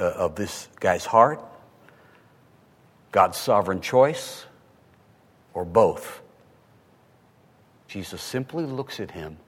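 A man preaching a sermon, animated, asking rhetorical questions and swinging from hushed tones to loud. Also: lowish voice. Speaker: pastor. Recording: long hall reverb.

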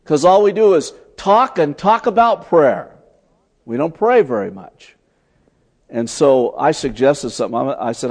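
A man preaching a sermon, telling stories as he teaches, swinging from loud emphatic lines to soft, hushed ones. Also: a little high, animated, a little slow. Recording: long hall reverb.

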